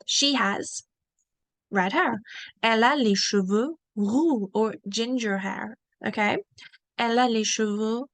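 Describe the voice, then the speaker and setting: A woman teaching a beginner French lesson, modelling each word slowly and asking learners to repeat it. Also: a little high, no room sound. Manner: slow, drawn-out modelling of each word for repetition.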